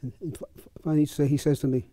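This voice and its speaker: A man's voice: fairly high pitch, level tone, racing, dark tone, dry recording, clean studio sound. An older man and fencing coach, telling chatty, chuckling anecdotes at a clinic. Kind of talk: casual anecdotal storytelling.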